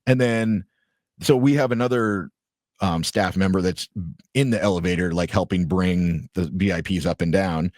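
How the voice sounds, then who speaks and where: A man with a low-pitched, slightly mellow voice speaks at a moderate pace with fairly even intonation, recorded dry and clean in a studio. Co-hosting a podcast, he tells a story in a casual, animated way, swearing freely and acting out what people said.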